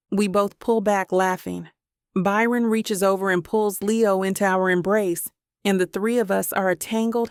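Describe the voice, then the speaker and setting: A woman reads a first-person romance audiobook in a warm, emotional way, with a gravelly fry in her voice. The recording is close and completely dry. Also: mid-range voice, no room sound. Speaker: audiobook narrator.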